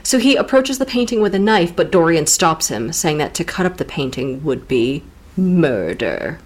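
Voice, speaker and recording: In a low voice, this woman co-hosts a relaxed literature podcast, retelling a novel with playful, teasing humor. She's very animated and keeps a moderate pace.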